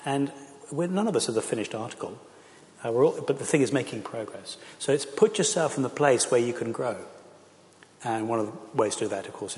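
A middle-aged man, a pastor, speaking earnestly and with passion to a church audience, with frequent fillers. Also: medium pitch. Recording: echoey hall.

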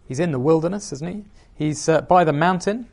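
A man's voice: a little high, a little fast, gravelly, darkish tone. A man preaching a sermon, reading scripture aloud and asking the listeners questions.

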